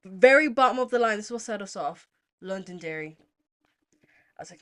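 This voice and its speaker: A young woman from Zimbabwe hosting a podcast, telling a story in a casual, animated way and moving into political commentary, with lots of "like" and some swearing. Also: mid-range voice, normal speed, long pauses. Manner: animated, chatty, heavy use of "like", swears freely. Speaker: podcast host.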